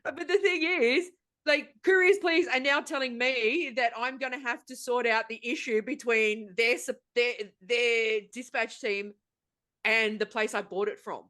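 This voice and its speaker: A woman's voice: fairly high pitch, steady tone, unhurried, fairly bright tone. A woman with an Australian accent hosting a casual podcast chat, telling a long story in an exasperated, sweary way. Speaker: podcast host.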